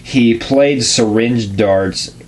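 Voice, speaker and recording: A man giving a deadpan, casual reading of a crude comedic fan story, with offhand asides. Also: medium pitch, very slow, slight background noise.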